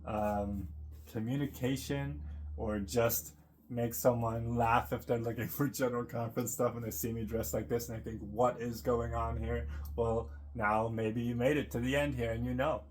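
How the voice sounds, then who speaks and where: A man's voice: medium pitch, steady tone, moderate pace, darkish tone, a little hiss or hum. A man vlogging in a casual, meandering monologue, full of fillers and frequent laughs. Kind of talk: casual rambling monologue to camera.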